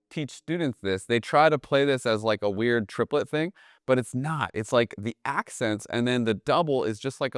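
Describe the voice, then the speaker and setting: A man teaching jazz drumming in a relaxed, explanatory way, often checking in with "right?". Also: mid-range voice, clean tone, no echo, studio quality. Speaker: drum teacher. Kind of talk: casual instructional talk.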